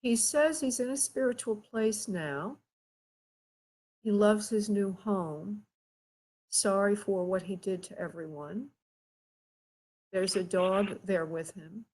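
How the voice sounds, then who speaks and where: A woman hosting a live psychic reading, speaking haltingly with many pauses and calling the caller by endearments. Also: medium pitch, darkish tone, low-quality recording. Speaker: psychic medium host.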